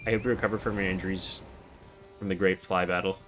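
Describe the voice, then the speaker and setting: A man in his twenties streaming a game, chatting casually and answering chat in a relaxed, monotone way. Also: sits low, fast talker, soft background music. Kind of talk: casual live-stream chat while gaming.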